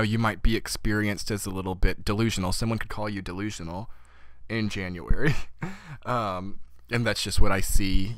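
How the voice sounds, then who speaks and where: Guy doing a chill tarot reading, lowish voice, kinda losing his voice, lots of "you know", dry close sound. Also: dry recording. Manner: rambling, frequent "you know" and "like" fillers. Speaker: tarot reader. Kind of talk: casual tarot reading monologue.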